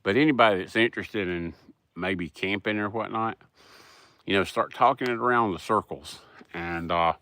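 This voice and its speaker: Low, bright Southern man chatting. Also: moderate pace, dry recording. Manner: rambling, folksy, reads chat aloud. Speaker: livestream host. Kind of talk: casual livestream chat.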